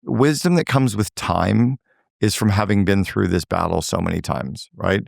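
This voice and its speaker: A man's voice: on the low side, normal speed, creaky, dry recording, clean studio sound. An older man giving blunt, emphatic advice as a guest in a podcast interview, swearing for emphasis.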